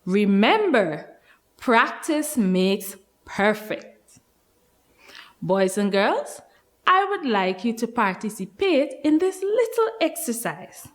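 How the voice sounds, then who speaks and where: A Guyanese woman teaching little children, her words slow and carefully spaced. Her slightly high voice leaps up and down in a lively, sing-song way, like a nursery lesson on television.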